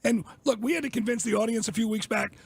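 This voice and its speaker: Male radio co-host, husky and gravelly, high-pitched; fast banter that trips over itself. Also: no room sound. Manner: quick banter with stammering restarts. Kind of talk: sports talk radio banter. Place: radio studio.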